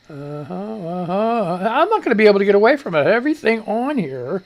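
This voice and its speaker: Talking fairly quickly with hardly a pause, a man hosts a casual live stream in a high-pitched, sing-song voice. He's a little short of breath, rambling, salty-mouthed, and self-deprecating.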